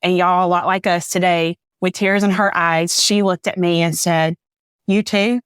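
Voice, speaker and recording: A woman's voice: lowish voice, steady tone, moderate pace, clear, resonant tone, no echo, studio quality. A woman, a podcast guest giving an earnest, faith-filled personal testimony, a little teary. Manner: earnest, faith-filled storytelling, says "y'all".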